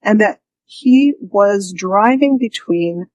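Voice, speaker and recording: A woman telling her own story as an interview guest, lively and often laughing, acting out the voices she quotes. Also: mid-range voice, slow pace, no room sound, poor audio.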